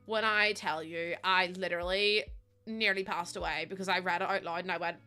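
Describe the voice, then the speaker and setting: A woman's voice: on the low side, steady tone, a little fast, pushed and bright, clear, resonant tone, faint music behind. A young woman with a Northern Irish accent, chatting casually to her live stream audience, laughing often and swearing now and then. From Northern Ireland.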